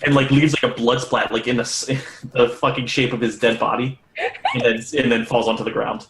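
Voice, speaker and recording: Dude running a tabletop game, swears a lot, mid voice, roomy echo. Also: male voice, mid-range voice, little pitch movement, brisk, background noise. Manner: casual, profane, laughing narration. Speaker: game master. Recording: echoey room.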